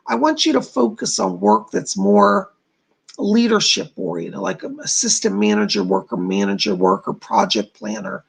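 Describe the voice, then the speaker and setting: A man's voice: high-pitched, sing-song, moderate pace, gravelly, slightly rough. A man hosting a live stream as a psychic medium, reading viewers' comments aloud and passing on spirit messages in an informal way. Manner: informal, repeats "I gotta tell you".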